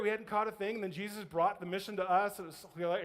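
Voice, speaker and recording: A man preaching a sermon as pastor, telling a story in a lively way, acting out voices and laughing often. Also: high-pitched, fast, few pauses, in a large hall. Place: church sanctuary.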